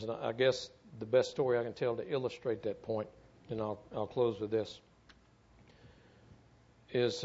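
A man's voice: medium pitch, a little mellow, dull audio. A middle-aged man tells a story in a sermon, speaking earnestly and often repeating words as he goes. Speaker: church speaker, former firefighter.

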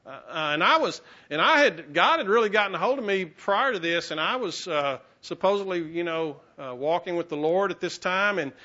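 A man preaching a sermon as pastor in a conversational, halting way, with many restarts and fillers. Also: high voice, sharp tone, highs cut off.

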